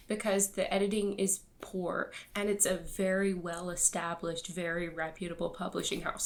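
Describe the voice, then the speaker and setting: A young woman reviewing a book in casual, rambling chat, laughing often and filling her talk with fillers. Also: on the low side.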